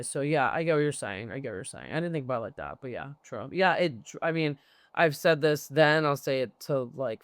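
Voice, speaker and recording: A woman co-hosting a podcast, chatting casually with quick, teasing banter. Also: low voice. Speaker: podcast co-host. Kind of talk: casual chat.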